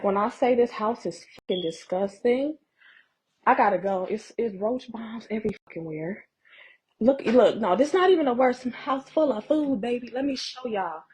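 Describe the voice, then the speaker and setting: A woman's voice: fairly high pitch, darkish tone, husky, poor audio. A woman filming a walk through a house, talking to her viewers in shocked, profane remarks that sometimes drop to a whisper. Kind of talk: narrated home walk-through video. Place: inside a house.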